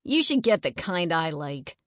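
A woman's voice: deep voice, big pitch swings, a little slow, no room sound, clean studio sound. A woman voicing a grumpy, sarcastic young boy who whines and mutters in a children's storybook. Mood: grumbling. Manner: whiny, sarcastic.

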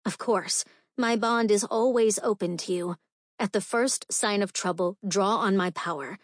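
A woman's voice: mid-range voice, a little slow, dry recording, clean studio sound, lightly acted. Woman reading a fierce, firm queen sister. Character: commanding, protective vampire queen sister.

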